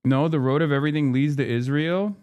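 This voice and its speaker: A man's voice: a little high, fairly quick, a little mellow, smooth. A man livestreaming his reactions to news clips, ranting in a heated, profane and sarcastic way. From United States. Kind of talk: live reaction commentary.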